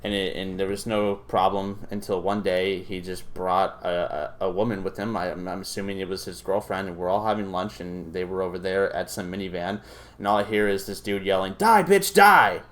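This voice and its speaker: A young man hosts a reaction video in a loose, profane rant. His voice sits a little low, and he rambles through fillers and restarts as he tells stories between clips. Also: flat delivery, brisk. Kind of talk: casual ranting commentary.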